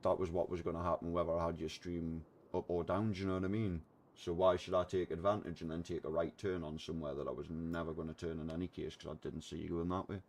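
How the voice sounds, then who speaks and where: A man, streaming and chatting casually, telling a lively anecdote full of swearing. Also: sits low, fast, slight background noise. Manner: animated storyteller, swears a lot, acts out voices in anecdotes. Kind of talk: casual gaming chat and storytelling.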